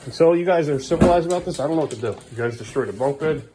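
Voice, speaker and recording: A man's voice: on the high side, lively intonation, very fast, background noise. A man filming a casual family vlog at home, coaxing and bantering with his small children. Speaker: father vlogging his day with his sons.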